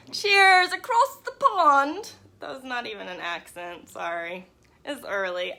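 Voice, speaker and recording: A woman's voice: on the high side, sharp tone. A woman in her thirties, a tarot reader, chatting in a casual morning live stream, bubbly and greeting viewers by name.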